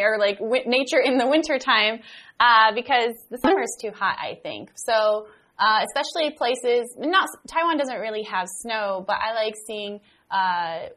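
A woman's voice: mid-range voice, a bit bright. A woman with an American accent co-hosting an English lesson, chatting and laughing easily during a casual conversation game.

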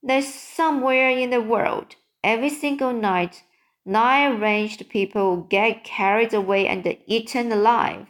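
A woman's voice: a little high, unhurried, close to an everyday voice. A woman reading the part of a curious, outspoken young girl in a storybook, asking earnest questions. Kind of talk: read-aloud storybook.

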